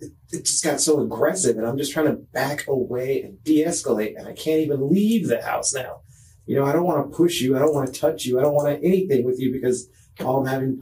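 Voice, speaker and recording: A man talks in a police interview room, halting and agitated, restarting his sentences again and again. His voice is mellow and of middling pitch. A faint hiss sits under the recording. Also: far from the mic, rough recording. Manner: agitated, pleading. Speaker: murder suspect under police questioning.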